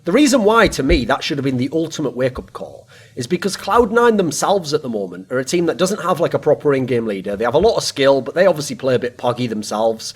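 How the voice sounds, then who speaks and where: A male podcast host talks through his analysis in a husky voice, and his pitch swings widely with enthusiasm. He rambles in loose, casual chat. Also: big pitch swings, fast talker, hardly any pauses.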